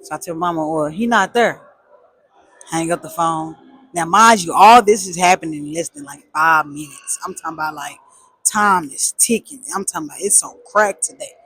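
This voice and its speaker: A woman telling a personal story in a casual, animated way, with emphatic repeats and slang. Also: low-pitched, a little fast, breathy edge.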